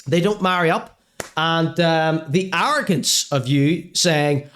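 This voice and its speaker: A man's voice: a little high, a little slow, a bit bright. A man hosting a comedy podcast, mocking and sarcastic as he reacts to clips. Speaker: podcast host.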